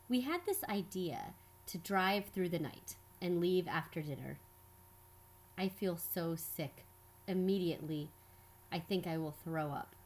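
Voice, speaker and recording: A woman telling a personal story in scripted narration, measured and reflective. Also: lowish voice, a little hiss or hum. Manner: measured, reflective, quietly earnest.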